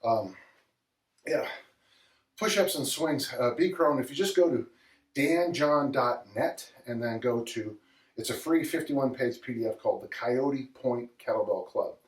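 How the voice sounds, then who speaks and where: A strength coach with a medium-pitched voice talks at a measured pace, casually rambling between sets of kettlebell swings on a livestream and chuckling often. The distant mic gives the recording a roomy sound.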